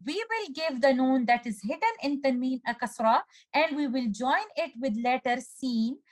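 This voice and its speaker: A woman's voice: sits high, no room sound, poor audio. A woman teaching Quran recitation rules in a patient, methodical lesson, breaking words down syllable by syllable. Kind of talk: step-by-step tajweed lesson with recited examples.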